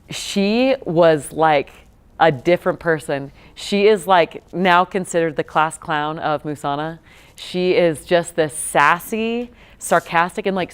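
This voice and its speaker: A woman's voice: fairly low pitch, clear, resonant tone. A woman in her thirties giving a talk to students, telling stories in a chatty way with many fillers and restarts. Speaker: guest speaker, nonprofit co-founder. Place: lecture room.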